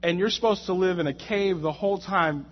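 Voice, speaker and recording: High-voiced young preacher in echoing hall. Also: male voice, fairly quick. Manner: animated, joking, stumbling over repeated words. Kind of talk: sermon. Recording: muffled, in a reverberant hall.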